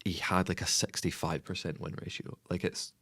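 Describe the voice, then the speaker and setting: Male co-host, very low voice, relaxed and hesitant, dry sound. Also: normal speed, slightly rough, no echo. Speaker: podcast co-host. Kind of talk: casual football chat.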